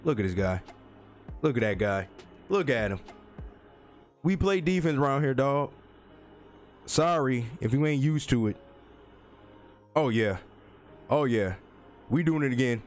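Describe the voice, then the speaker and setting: Animated man trash-talking over gameplay. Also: a little slow, long pauses, faint music behind. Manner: animated, trash-talking, jumps into high yelps. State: voice cracking. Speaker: gaming YouTuber. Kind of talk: live gameplay commentary.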